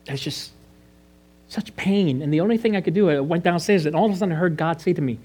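A man's voice: on the high side, quick pace, a little mellow, slightly rough. A man from China, a pastor, giving a personal testimony sermon, earnest and confessional, often restarting and rising in emphasis.

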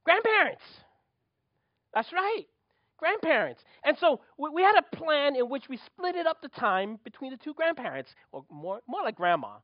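A man's voice: very high-pitched, sing-song, normal speed, no echo, lo-fi sound. A middle-aged man, preaching a sermon as a pastor, telling a story with lots of rhetorical questions.

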